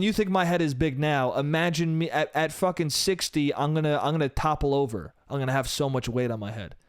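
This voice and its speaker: A man's voice: fairly high pitch, clear, resonant tone, no room sound, clean studio sound. A young man hosting a solo podcast, telling a story in a casual, profane style full of "bro" and "dude".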